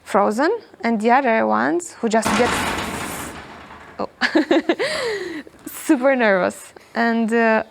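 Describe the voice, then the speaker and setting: A young woman, telling a story as a podcast guest in a hostel, animated and repeating herself often. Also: fairly high pitch, slow, creaky, long pauses, noisy background. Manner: animated, repeats words, frequent "you know". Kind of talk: casual storytelling in English.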